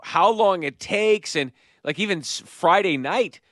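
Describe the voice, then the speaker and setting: A man in his thirties with a slightly high voice chats casually on a podcast, telling family stories and laughing along. The sound is dry and close, with no room around it. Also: lively intonation, a little slow, fairly bright tone, dry recording. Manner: storytelling, laughing often. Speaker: podcast co-host. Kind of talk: casual chat.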